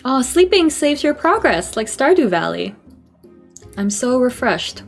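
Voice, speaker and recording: A woman's voice: high voice, sing-song, a little slow, gravelly, soft background music. A woman streaming a game, chatting casually, swearing and laughing at herself. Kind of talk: casual gameplay commentary.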